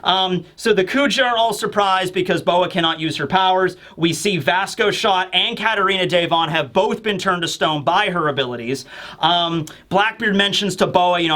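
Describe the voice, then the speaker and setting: Hyped guy reviewing manga, high bright voice, gets loud and animated. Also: normal speed. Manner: excitable, animated, bursts into shouting. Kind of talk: casual video commentary.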